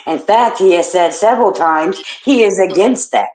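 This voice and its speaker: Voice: medium pitch, normal speed, a little mellow. A guest on a livestream, speaking firmly in someone's defence. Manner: firm, defensive. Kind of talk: casual livestream chat. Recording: echoey room.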